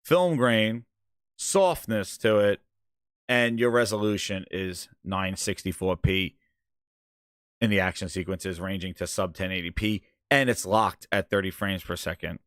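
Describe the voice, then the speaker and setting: A man's voice: low-pitched, a little slow, fairly bright tone, no room sound, studio quality. A man hosting a gaming channel, ranting in exasperated, sarcastic commentary over a video clip.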